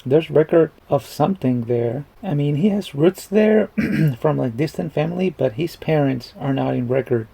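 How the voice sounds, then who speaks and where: A man's voice: fairly high pitch, expressive, normal speed, gravelly, mellow, slightly rough, poor audio. A man giving rambling, casual commentary while reacting to a movie, chuckling and swearing freely.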